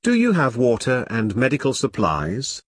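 A stern army section commander, as a man puts him on, laying down the rules in short, clipped orders. His voice is mid-pitched and firm. The sound is dry and close. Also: huge pitch swings, moderate pace, slightly rough, no room sound.

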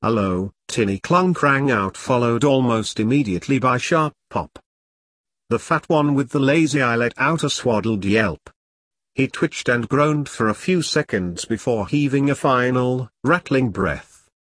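A man reading a dark comic story aloud in a wry, earthy storytelling manner. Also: medium pitch, expressive, a little slow, no echo, studio quality. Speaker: narrator. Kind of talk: scripted dark comic narration.

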